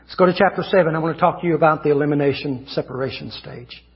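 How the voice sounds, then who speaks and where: A man preaching an evangelist's sermon, fervent and repetitive, rising to shouts at his peaks. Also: fairly high pitch, fast, big-room sound, highs cut off. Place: church hall.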